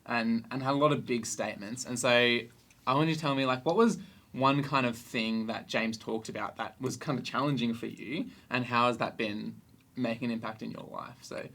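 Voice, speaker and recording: A man's voice: medium pitch, moderate pace, a bit bright. A young man hosting a casual podcast chat as a youth group leader, chatty and easygoing, joking and laughing often.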